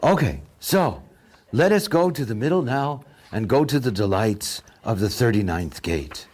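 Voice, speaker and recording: A man delivers a lecture with wry, mocking humor. His voice is husky, and his pitch rises and falls a great deal. He speaks slowly and drawn out. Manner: sardonic, mocking, animated. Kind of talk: spoken lecture.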